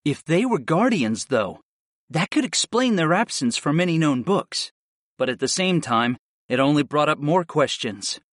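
A man narrating a fantasy audiobook in the first person, with a steady, expressive delivery. His voice sits a little high for a man and moves lively up and down. The sound is dry and close. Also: unhurried, dry recording.

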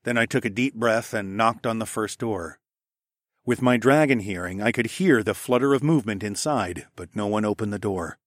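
A man reading a first-person fantasy audiobook in a steady, measured way. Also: lowish voice, dry recording, clean studio sound. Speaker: audiobook narrator.

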